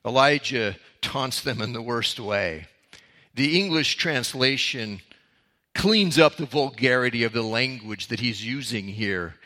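A man's voice: medium pitch, measured pace, pushed and bright. A man preaching a sermon, reading verses aloud and explaining them with casual asides. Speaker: pastor.

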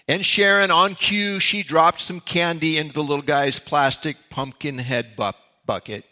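A man with a bright, forceful voice that sits a little high for a man. He teaches a sermon in a relaxed, storytelling way. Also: moderate pace. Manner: storytelling, conversational. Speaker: pastor. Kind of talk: sermon-style Bible teaching.

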